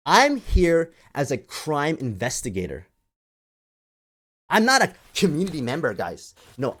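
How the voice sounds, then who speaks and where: Sarcastic, exasperated ranting man. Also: on the high side. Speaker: crypto commentator. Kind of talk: ranting video monologue.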